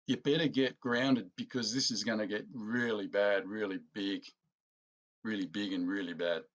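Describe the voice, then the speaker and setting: A man's voice: lowish voice, fairly even intonation, moderate pace, muffled recording. A man hosting a political commentary vlog, ranting indignantly and calling his viewers folks. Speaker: political commentary channel host.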